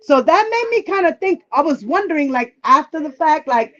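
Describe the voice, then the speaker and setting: High-voiced woman telling a blunt story. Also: lively intonation, moderate pace, fairly bright tone, dull audio. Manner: candid and profane, acting out quoted dialogue. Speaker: livestream guest. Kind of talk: casual storytelling.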